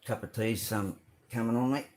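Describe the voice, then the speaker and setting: On his casual live stream, a middle-aged Australian man shows off model car builds, greeting viewers by name and rambling with plenty of ums. His voice is mid-range and a little mellow, with fairly even intonation at a moderate pace.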